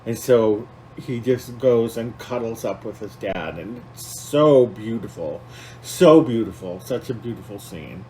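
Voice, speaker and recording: A man's voice: on the low side, unhurried, hardly any pauses, warm tone, slight background noise, poor audio. A man co-hosting a podcast, talking casually and with feeling, rambling with many fillers and restarts. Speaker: podcast co-host.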